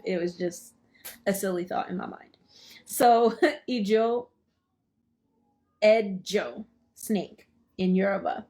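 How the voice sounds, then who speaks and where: A woman hosting a study session, reading a book aloud and stopping to explain it in her own words, playful and quick to laugh at herself. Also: mid-range voice, gravelly. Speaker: study group host.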